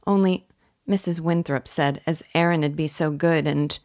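Playful young country daughter, coaxing and affectionate, read by a woman with a low voice. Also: a little slow. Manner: lively, coaxing talk.

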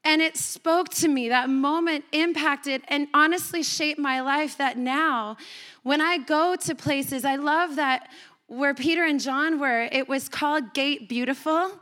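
Bright high-voiced woman pastor preaching. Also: unhurried. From Canada. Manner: conversational and animated, quoting dialogue with laughs. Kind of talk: sermon with storytelling.

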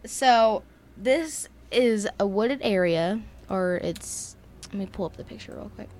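A woman's voice: mid-range voice, measured pace, darkish tone. A woman co-hosting a podcast in casual chat, playful and rambling, often giggling. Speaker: co-host.

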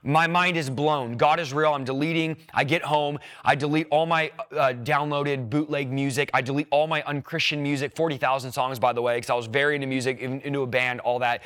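A man in his thirties from California, sharing his personal conversion testimony as an animated storyteller who acts out his own quoted words. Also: mid-range voice, fairly quick, hardly any pauses.

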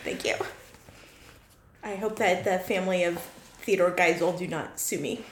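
A woman's voice: on the low side, steady tone, moderate pace, a little hiss or hum. A woman co-hosting a podcast, chatting playfully and mocking herself, with echo around her voice. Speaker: podcast co-host. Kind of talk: casual chat. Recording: roomy echo.

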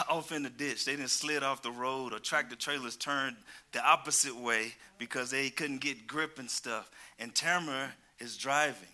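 Male preacher, slightly high voice, lively storyteller who slips into characters' lines. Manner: animated, playful storytelling with laughs. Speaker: pastor. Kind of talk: sermon with storytelling.

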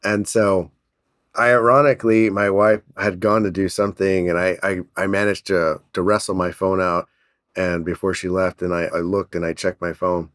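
A man telling a business story in an energetic, animated way, laughing often. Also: low voice, normal speed, no echo, studio quality. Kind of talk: casual storytelling.

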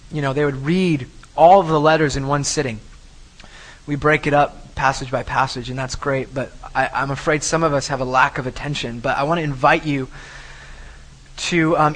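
A man's voice: fairly high pitch, fairly bright tone, low-quality recording. A man preaching a sermon, emphatic, often repeating and restarting phrases. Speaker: pastor.

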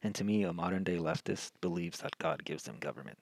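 A podcast host delivers a solo political monologue, rambling and often restarting his sentences. He has a deep voice and brisk delivery, and the recording is rough.

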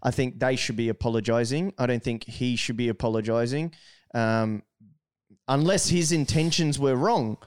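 A man with a smooth, clear voice hosts a relaxed podcast conversation. He talks loosely and informally, leaning on "like" and dropping casual swears. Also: medium pitch, normal speed, no echo, studio quality.

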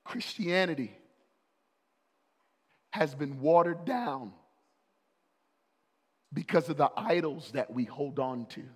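A man preaching a sermon as a pastor, rising to loud, urgent peaks of emphasis. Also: a little high, expressive, takes it slowly, pauses often, in a large hall.

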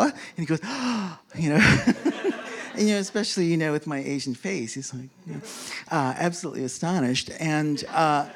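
With a mid-range voice, lively intonation, and normal speed, a city dweller tells a casual story about traveling abroad. The telling rambles, full of fillers and self-corrections, as the speaker chuckles and acts out other people's quoted speech.

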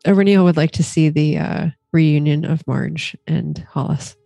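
Gravelly-voiced woman player at a game table. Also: low voice, normal speed, dark tone, dry recording, soft background music. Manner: tentative, laughs while describing actions. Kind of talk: casual play at the table.

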